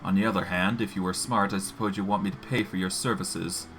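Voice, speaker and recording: A man's voice: low-pitched, steady tone, brisk, a bit bright, a little hiss or hum, pitched below the performer's own voice. A man doing a grumpy stingy gnome leader. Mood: grumbling.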